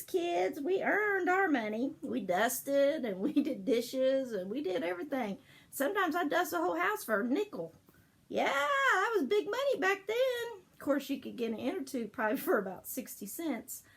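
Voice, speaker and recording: A woman's voice: sits high, sing-song, moderate pace, vocal fry. An older woman telling childhood family stories in a casual, rambling way, laughing often as she remembers. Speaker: storyteller. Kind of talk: casual memorial storytelling.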